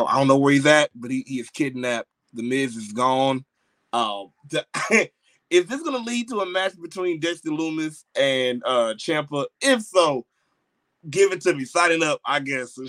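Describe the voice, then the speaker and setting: The audio is dry and rough, carrying a married adult man's mid-range voice. He hosts a wrestling podcast, reviewing matches in an excitable, rambling way with heavy slang, lots of fillers and repeated restarts.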